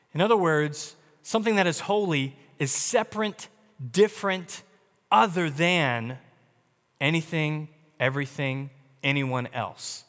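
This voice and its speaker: A man preaching a sermon, emphatic, slowing down on key words and speeding through asides. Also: a little high, a bit bright. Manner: emphatic, varies pace, slow deliberate stresses with quick asides. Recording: long hall reverb.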